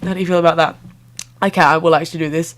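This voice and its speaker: A woman's voice: low-pitched, fairly even intonation, very fast. Chatty young woman vlogging. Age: young adult. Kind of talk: casual rambling vlog.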